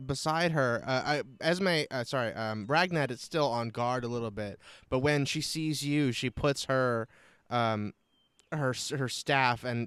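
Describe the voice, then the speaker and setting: A man's voice: mid-range voice, fairly bright tone, smooth, no room sound. A man narrating a tabletop game as game master, rambling with fillers and restarts.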